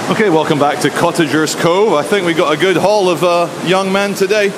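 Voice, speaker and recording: A man's voice: sits high, a little fast, few pauses. A man filming a casual walking vlog outdoors, making dry sarcastic asides on a handheld camera. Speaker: vlogger. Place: outdoors on city streets. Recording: outdoor street noise. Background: street traffic noise.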